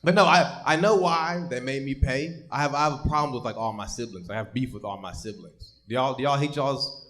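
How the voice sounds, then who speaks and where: On a comedy stage, a young male stand-up comic performs a live set of rambling, profane stories, often stammering and restarting. His voice is medium-pitched, brisk and a bit bright.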